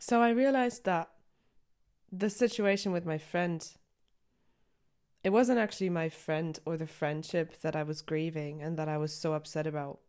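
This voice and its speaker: A woman's voice: low voice, fairly even intonation, moderate pace, darkish tone. A young adult woman hosting a podcast, talking candidly and rawly about her feelings, swearing and near tears at times. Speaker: podcast host. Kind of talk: personal reflective monologue.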